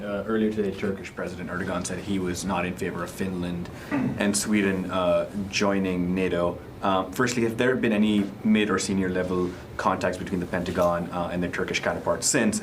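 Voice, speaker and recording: A reporter with a notably deep voice poses layered questions at a press briefing. Audible room noise sits under his words, and he keeps pressing with follow-ups. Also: steady tone. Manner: measured, probing follow-ups.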